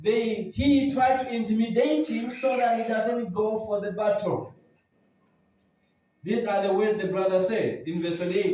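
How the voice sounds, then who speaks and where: A man preaches a sermon, retelling a Bible story with drama in a very high, mellow voice. He is recorded in a church hall with heavy echo, and the mic sits well away from him. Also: fairly even intonation, normal speed, distant mic. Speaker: pastor.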